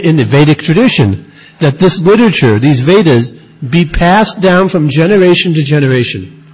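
Husky guy teaching scripture, lively up-and-down voice, kinda muffled lo-fi recording. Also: a little high. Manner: emphatic, repeats key points. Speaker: religious teacher. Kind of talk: scripture lecture. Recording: dull lo-fi recording.

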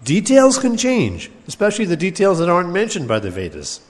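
A man with a fairly high voice gives a scripture lecture in a measured, explanatory way. He stops now and then to reread a quoted verse before unpacking it. A long hall reverb trails behind every phrase. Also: wildly swooping pitch. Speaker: teacher of Vedanta scripture.

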